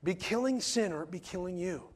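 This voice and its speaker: A pastor putting on an exaggerated stage-Irish man's brogue, slow and hammy. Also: sits high, expressive. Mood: mock solemn.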